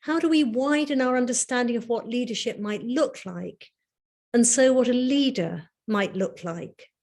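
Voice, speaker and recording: A middle-aged woman with a slightly high voice gives a prepared lecture. She speaks in a measured, reflective way and builds her points through rhetorical questions. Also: a little mellow. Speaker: lecturer, Anglican priest and dean.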